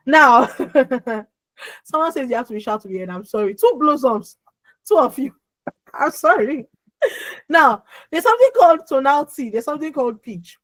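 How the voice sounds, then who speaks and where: A young adult woman with a naturally loud voice, coaching an audience on a video call. She is emphatic, repeats words and keeps asking her listeners questions. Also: high-pitched, no room sound, rough recording. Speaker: emotional healing coach. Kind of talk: lively motivational talk on an online call.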